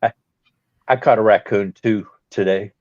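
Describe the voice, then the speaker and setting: A man's voice: on the low side, steady tone, a little slow, a little mellow, no echo. A man telling a rambling, chuckling story during a casual live chat. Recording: dull lo-fi live stream audio.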